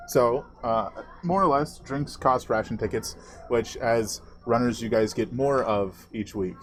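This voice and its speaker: A man narrating as game master of a tabletop game, halting and full of fillers. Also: lowish voice, slight background noise.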